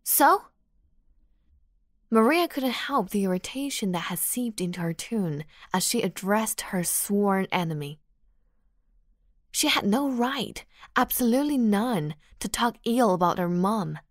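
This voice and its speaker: Female audiobook narrator, slow measured delivery, mid pitch, dry close mic. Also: animated, dry recording. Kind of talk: scripted narration.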